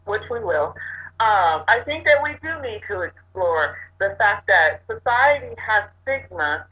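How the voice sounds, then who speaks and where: A woman talks casually as a co-host, telling a personal story with animation and laughter. Her voice is bright and forward, and the recording sounds dull and lo-fi. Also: mid-range voice, big pitch swings, unhurried. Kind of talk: casual chat.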